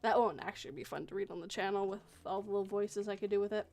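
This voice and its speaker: Woman host, horror story reader, casual chatter, middle pitch, laughs often. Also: quick pace, a little mellow. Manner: clears throat often, laughs a lot while chatting. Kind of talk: reading a horror story, then casual chat.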